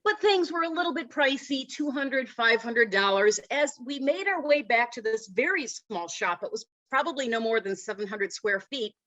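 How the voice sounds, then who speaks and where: A middle-aged woman delivers a comic speech with a somewhat high voice. She tells her story in an animated, self-deprecating way. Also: normal speed, few pauses, muffled recording. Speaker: Toastmasters speaker.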